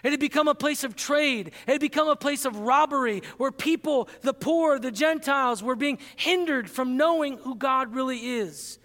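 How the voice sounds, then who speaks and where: A man preaching a sermon as pastor, earnest and emphatic, slowing down to stress key phrases. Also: very high voice, a bit bright, big-room sound.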